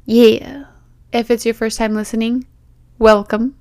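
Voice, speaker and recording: A woman's voice: on the high side, fairly even intonation, slow, a little mellow. A young woman hosting her own podcast, chatting playfully and directly to listeners as their bestie, recorded as a phone voice memo. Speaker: podcast host. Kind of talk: casual chat.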